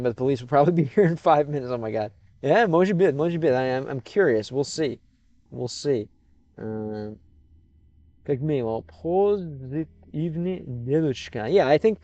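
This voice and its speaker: A man's voice: mid-range voice, darkish tone, no echo, highs cut off. An American man streaming live, chatting casually with viewers and switching between English and hesitant learner Russian full of restarts.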